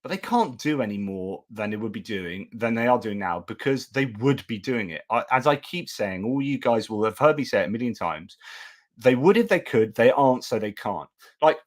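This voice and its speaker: A man's voice: mid-range voice, animated, normal speed. A British man hosting a live stream, talking in a rambling, self-correcting way with lots of restarts. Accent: British English. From United Kingdom. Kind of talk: casual live-stream commentary.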